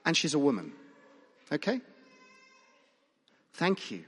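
A man's voice: a little high, huge pitch swings, slow, a bit bright, breathy edge. A man preaching a conversational sermon, asking the congregation questions and making emphatic points. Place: church hall. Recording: long reverb of a large church.

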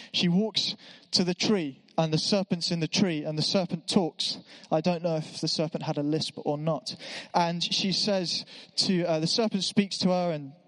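A man preaching a sermon in a church, conversational with self-deprecating asides. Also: on the high side. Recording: echoey church hall.

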